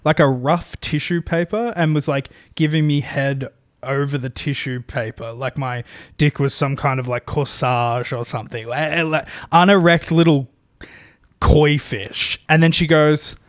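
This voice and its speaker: A man tells a long anecdote on a casual podcast. His voice sits a little high for a man, recorded dry and close. He talks in a rambling, profane, self-deprecating way and keeps restarting his sentences. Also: steady tone, unhurried, no echo. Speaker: podcast co-host. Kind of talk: casual storytelling chat.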